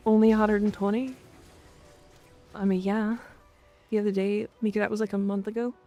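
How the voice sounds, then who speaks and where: A woman's voice: mid-range voice, flat delivery, moderate pace, warm tone, muffled recording, soft background music. A woman streamer chatting playfully with her viewers in a casual live stream.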